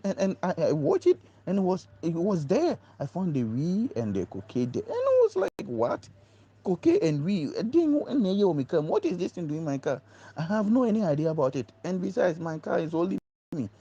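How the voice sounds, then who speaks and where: A man telling an animated first-person story, acting out quoted dialogue and often repeating words. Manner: acts out quoted dialogue, pitch jumping high on exclamations. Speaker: storyteller recounting an ordeal.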